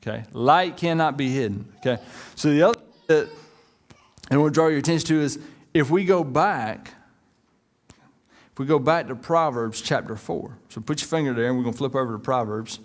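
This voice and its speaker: Joking pastor, casual sermon. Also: male voice, medium pitch, moderate pace. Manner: conversational, joking, uses y'all.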